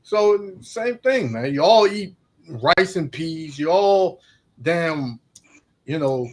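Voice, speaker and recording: A man's voice: fairly high pitch, expressive, slow pace. A man talking in a casual religious discussion, rambling with frequent restarts.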